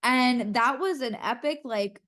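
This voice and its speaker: A woman's voice: fairly high pitch, unhurried, a bit bright. A young woman co-hosting a podcast in person, talking candidly and earnestly, with lots of "like" and casual swearing. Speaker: podcast co-host. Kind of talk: casual chat. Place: in person with co-host.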